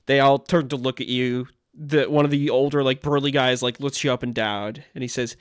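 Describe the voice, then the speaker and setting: A man narrating a tabletop role-playing game as game master, relaxed and hesitant. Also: mid-range voice, fairly quick, clean tone, no echo, clean studio sound.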